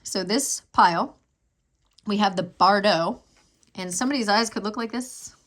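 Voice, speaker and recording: A woman's voice: medium pitch, moderate pace, a bit bright. A woman giving a casual tarot reading, thinking aloud in a meandering, emotional way and drifting down to a whisper when she reads to herself. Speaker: tarot reader.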